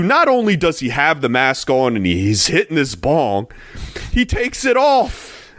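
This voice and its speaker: A man's voice: fairly high pitch, fairly bright tone, no room sound, clean studio sound. A man co-hosting a podcast in casual chat, blunt and profane as he mocks people. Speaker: podcast co-host.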